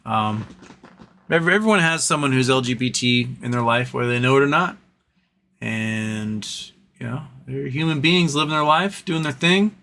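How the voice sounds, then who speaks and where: A man's voice: medium pitch, normal speed, gravelly, bright, forceful tone. A man hosting a casual livestream, reading chat messages aloud and answering them in an earnest, rambling way with frequent restarts.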